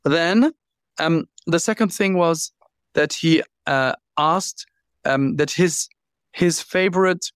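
Man telling stories with animated restarts. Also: a little high, slow, smooth, dry recording. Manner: animated, with frequent restarts and repeated words. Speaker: guest author. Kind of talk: interview storytelling.

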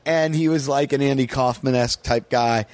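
An American man, a stand-up comic, chats on a podcast and spins loose stories full of swearing. His voice sits at a middle pitch. The sound is dry and close, with no room around it. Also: steady tone, moderate pace, a little mellow, no echo. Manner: storytelling, swearing freely. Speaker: comedian. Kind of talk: casual podcast chat.

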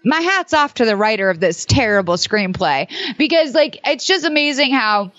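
A woman with a slightly high voice talks in a wry, rambling way, full of fillers. The sound is dull and lo-fi, and very dry. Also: big pitch swings, normal speed, a bit bright, dry recording, soft background music. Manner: wry, chatty, many fillers like "like" and "um". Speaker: podcast co-host. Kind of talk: casual chat.

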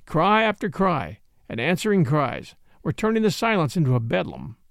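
Expressive gravelly male storyteller. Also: a little high, normal speed, no echo, studio quality. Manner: expressive storytelling with varied character voices. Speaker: narrator. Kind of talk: audiobook reading.

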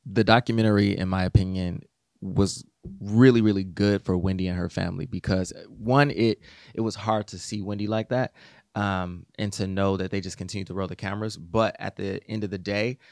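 A man co-hosting a casual podcast discussion, giving an earnest, measured opinion. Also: deep voice, steady tone, darkish tone, no room sound, studio quality.

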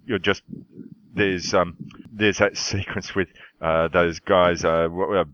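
A man's voice: deep voice, steady tone, slow pace, a bit bright. A man hosting a casual chat about a film, rambling with many restarts. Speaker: podcast host. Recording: slightly dull lo-fi sound.

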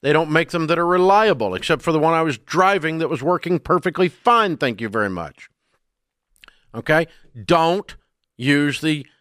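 A man's voice: fairly high pitch, fairly bright tone, dry recording, clean studio sound. An older man with a Southern US accent hosting a radio talk show, ranting bluntly and emphatically about money mistakes.

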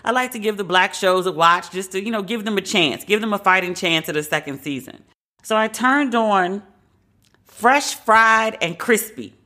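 Bright-voiced woman podcast host, candid. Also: mid-range voice, moderate pace. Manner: candid, opinionated, conversational with occasional profanity. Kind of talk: casual commentary.

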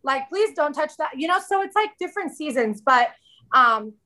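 A woman's voice: sits high, expressive, moderate pace, pushed and bright. A woman in her thirties, a podcast guest in casual chat, candid and chatty, often quoting herself.

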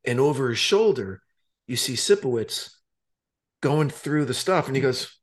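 A man co-hosting a podcast, retelling a TV scene in loose, animated chat and swearing casually. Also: mid-range voice, normal speed. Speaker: podcast co-host.

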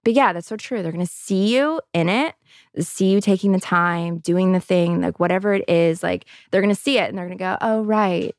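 Chatty woman with a low voice. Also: brisk, no echo, studio quality. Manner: chatty, fills speech with "like" and "you know". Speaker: guest. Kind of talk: casual chat.

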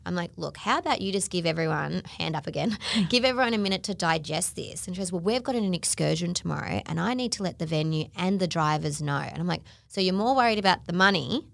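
Woman, casual podcast storytelling, acts out quoted voices, slight vocal fry. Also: fairly low pitch, expressive, quick pace, fairly bright tone, no echo.

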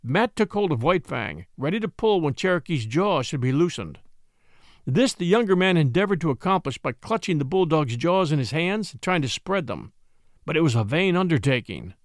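A man narrating an adventure story aloud in an expressive, dramatic reading. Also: a little high, no echo, clean studio sound. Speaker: audiobook narrator.

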